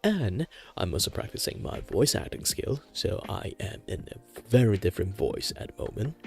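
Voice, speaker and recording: A man with a gravelly, deliberately deep bass voice hosts a relaxed, rambling drawing stream. His pitch swings widely as he talks. Soft music plays faintly behind him. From Malaysia. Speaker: streamer host. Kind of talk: casual stream chat while drawing.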